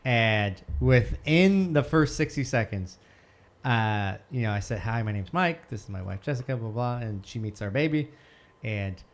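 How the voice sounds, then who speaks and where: A man co-hosting a podcast in casual chat, chatty and quick to laugh, often trailing off. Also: mid-range voice, expressive. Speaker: podcast co-host.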